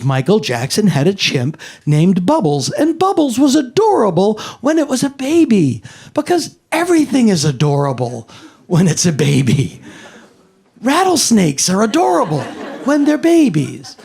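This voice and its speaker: A man doing a stand-up routine, telling a story deliberately and drawing out his punchlines. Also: sits high, wildly swooping pitch, vocal fry, darkish tone, husky. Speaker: stand-up comedian.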